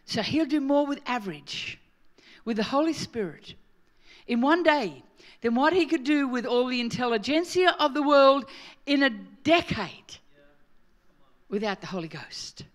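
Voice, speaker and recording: A middle-aged Australian woman preaching a sermon, joking and swinging from quiet asides to loud emphasis. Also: high voice, lively intonation, measured pace. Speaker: pastor.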